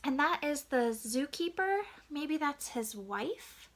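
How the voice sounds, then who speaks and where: A woman reading a picture book aloud to young children, asking them gentle questions and sometimes dropping to a hushed whisper. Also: high-pitched, expressive, slow. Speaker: children's story reader.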